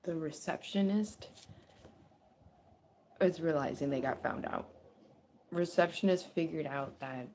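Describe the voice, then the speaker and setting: A woman giving a casual psychic reading aloud, talking loosely and swearing, moving between hushed murmurs and excited bursts. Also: deep voice, a little slow, pauses often, slight background noise. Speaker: psychic reader. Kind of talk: casual spoken card reading.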